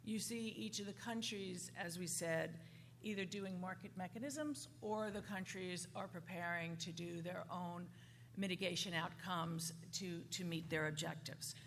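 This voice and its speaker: A woman speaking on a conference panel, halting and often restarting her sentences. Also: lowish voice, creaky, fairly bright tone. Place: conference hall. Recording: conference hall reverb, faint noise.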